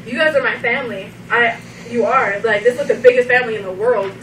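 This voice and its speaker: Young woman, lively farewell speech full of laughs, high voice, noisy far room. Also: a little fast, roomy sound. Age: young adult. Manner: laughing often, animated, breaks into quoted voices. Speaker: trainee giving a farewell speech. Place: large meeting room.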